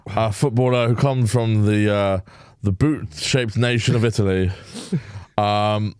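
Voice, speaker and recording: A man's voice: on the low side, steady tone, unhurried, a little mellow, smooth, no room sound, clean studio sound. A man co-hosting a podcast in casual banter, jokey and laughing between lines. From Brazil. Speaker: podcast co-host.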